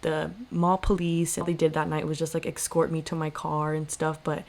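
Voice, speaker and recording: Young woman, lower voice, chatty podcast storyteller, fillers everywhere, acts out the dialogue. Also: moderate pace, vocal fry. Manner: animated, lots of "like" fillers, acts out quoted voices. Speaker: podcast co-host. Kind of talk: casual storytelling.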